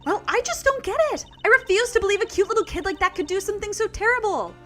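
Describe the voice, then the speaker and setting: A woman voicing a bubbly, upbeat teenage girl magician in a high, excitable voice, reading game dialogue aloud. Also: quick pace, soft background music. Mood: indignant.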